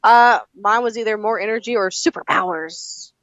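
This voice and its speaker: A woman's voice: a little high, moderate pace, no room sound, highs cut off. Woman host asking the questions. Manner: leads with questions, relaxed. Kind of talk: casual chat. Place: restaurant lounge.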